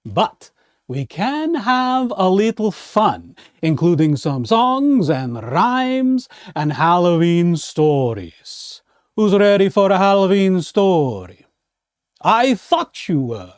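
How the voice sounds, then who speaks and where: A man's voice: high-pitched, very animated, slow, no echo, studio quality. A man hosting a children's storytime as a playful vampire count, reading a picture book aloud. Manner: playful, theatrical vampire host. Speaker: children's librarian playing a vampire count host.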